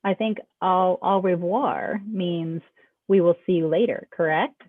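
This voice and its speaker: A school staff member hosts a casual announcement show, chatting as she guides students through the school website over a video call. Her voice is on the low side and measured, with no echo, and the call audio is dry and tinny, like a phone.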